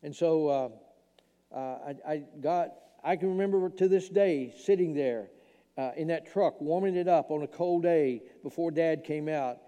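A man's voice: a little high, moderate pace, warm tone, muffled recording. An older man from Tennessee, earnestly and emotionally telling a personal testimony in a church talk. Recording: long hall reverb.

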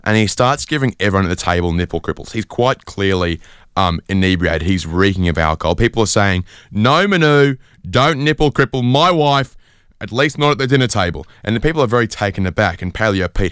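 Man, radio host, comedic casual chat, rambling, clear, dry studio sound. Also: sits low, dry recording. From Sydney, Australia. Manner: rambling, deadpan, full of fillers.

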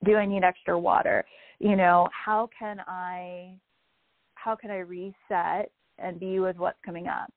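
A woman with a slightly low voice gives a calm, reflective talk on emotions and awareness. Her voice comes through tinny and phone-like. The sound is dry and close, with no room echo. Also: unhurried. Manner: calm, reflective, gently explanatory. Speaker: guest speaker. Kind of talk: spiritual wellness talk.

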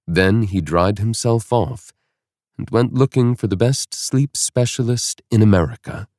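Low-voiced man reading an audiobook. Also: no echo, clean studio sound. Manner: measured, steady reading. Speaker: audiobook narrator. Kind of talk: scripted audiobook narration.

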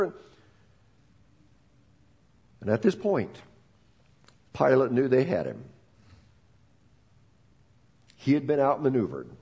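A man's voice: medium pitch, sing-song, moderate pace, long pauses, a little mellow, husky. A man preaching a sermon as pastor, retelling the story dramatically and acting out the quoted voices.

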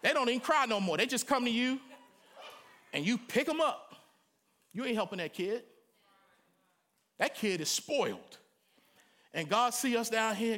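Animated high-voiced male preacher. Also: measured pace, long pauses. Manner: animated, humorous, conversational preaching with sudden loud cries. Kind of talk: sermon.

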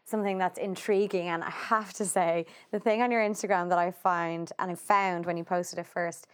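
A woman's voice: lowish voice, steady tone, normal speed, clear, resonant tone. A woman hosting a casual interview, eager and encouraging toward her guest. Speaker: podcast host.

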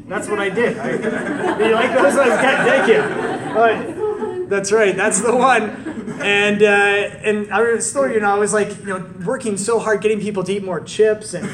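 An animated male preacher with a fairly high voice tells the story to a live crowd and keeps checking in with rhetorical questions. He sounds a bit far from the mic, and the large room adds a strong echo. A faint hum of ambience sits underneath. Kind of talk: conversational sermon.

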